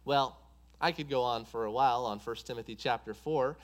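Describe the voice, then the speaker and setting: A man's voice: mid-range voice, a little fast. A man preaching a sermon, driving points home with an emphatic, repetitive cadence.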